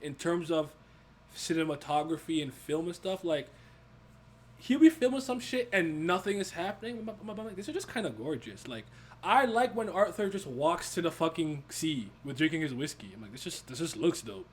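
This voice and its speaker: A young man hosting a casual movie review chat, animated and swearing, often laughing. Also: a little high, normal speed, a little hiss or hum. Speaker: podcast host.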